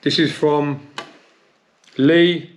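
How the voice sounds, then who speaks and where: A man's voice: on the high side, little pitch movement, drawn-out words, slight background noise. A man who hosts a casual interview, reads out viewer questions and keeps agreeing with his guests. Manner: friendly, frequent agreeing yeahs. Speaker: host.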